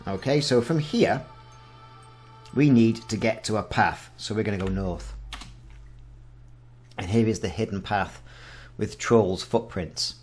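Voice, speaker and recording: A man's voice: lowish voice, unhurried, pauses often, darkish tone, slightly rough, soft background music. A man in his forties hosting a casual game walkthrough, reading the game's text aloud with wry asides. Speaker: gaming channel host.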